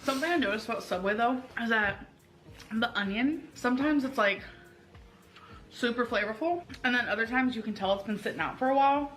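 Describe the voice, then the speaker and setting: A woman's voice: fairly high pitch, brisk, fairly bright tone, soft background music. Rambling woman food vlogger. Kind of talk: casual vlog talk to camera.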